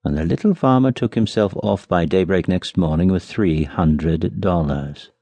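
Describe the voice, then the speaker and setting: A man narrating a fairy tale for an audiobook with an expressive storytelling delivery. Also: low voice, moderate pace, no room sound.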